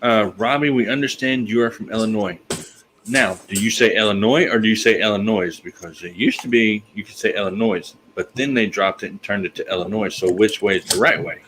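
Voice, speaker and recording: A man's voice: lowish voice, brisk, fairly bright tone, a little hiss or hum, rough recording. A man hosting a casual live chat on a video call, folksy and easygoing. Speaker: livestream host.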